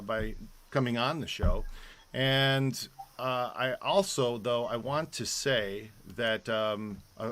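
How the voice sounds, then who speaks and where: Man, live-stream host, casual chat, rambling, lots of fillers, tense bright voice. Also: lowish voice. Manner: rambling, many fillers and restarts. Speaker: host of a live online show.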